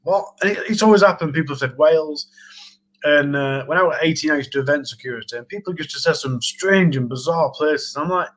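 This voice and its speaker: A man from Sheffield, England, with a Yorkshire accent, hosts a casual livestream chat, rambling, chatting and laughing often. His voice is on the high side and a bit bright, he talks fast, and the recording is rough.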